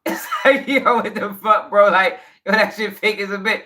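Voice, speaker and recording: Animated man ranting in slangy commentary. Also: high-pitched, normal speed. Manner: animated, slangy, swears a lot, laughs. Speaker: commentary channel host. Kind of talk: casual reaction commentary.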